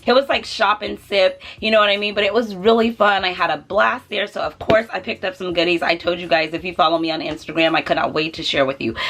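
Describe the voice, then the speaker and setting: Chatty, husky-voiced woman vlogger. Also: on the low side. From Southern California. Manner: animated, laughing storyteller. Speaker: beauty and lifestyle vlogger. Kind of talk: chatty storytime vlog.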